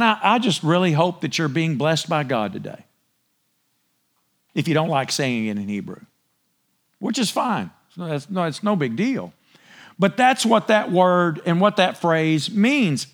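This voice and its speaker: A man preaching a sermon in a conversational way, often asking his listeners for agreement and clearing his throat. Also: fairly high pitch. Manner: conversational, asks the congregation for agreement. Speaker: pastor.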